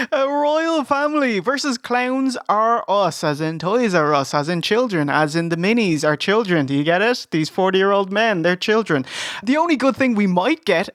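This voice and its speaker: A man's voice: very high voice, fairly bright tone, no echo, clean studio sound. A man co-hosting a podcast in casual comedic review chat, sweary and joking. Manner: sweary, joking, quick laughs. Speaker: podcast co-host.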